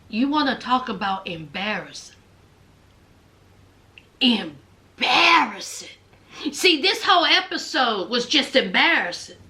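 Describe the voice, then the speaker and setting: A woman, chatting casually through a recap of a reality TV episode, dramatic and talking straight to her viewers. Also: a little high. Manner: animated, dramatic, addresses viewers as y'all.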